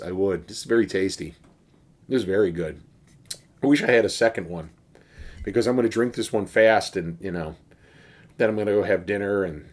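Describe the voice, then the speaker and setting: A man chatting casually through a beer review, rambling with lots of fillers and restarts. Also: fairly low pitch.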